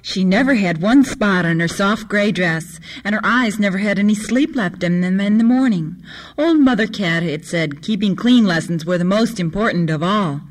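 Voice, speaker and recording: Steady children's storyteller. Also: medium pitch, normal speed. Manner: steady, expressive reading. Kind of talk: reading children's stories aloud.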